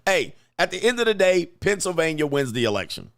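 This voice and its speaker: Young guy streaming, thinking out loud all hyped, dry close mic. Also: on the high side, fast talker, dry recording. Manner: thinks aloud, excitable, laughs often. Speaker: livestream host. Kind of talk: casual live commentary.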